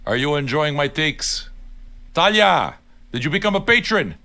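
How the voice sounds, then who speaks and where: Older male streamer, fairly high voice with bright tone; blunt, sweary, argumentative casual rant. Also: sing-song, normal speed. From Neapolitan heritage. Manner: blunt, sweary and argumentative, addressing viewers directly. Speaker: livestream host. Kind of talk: profane casual rant on a livestream.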